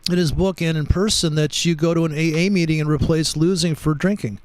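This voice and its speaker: On a rough recording with no echo, a male trading show host speaks briskly in a voice on the high side with fairly even intonation. He hosts a casual trading chat, telling rambling stories and cursing freely while discussing charts.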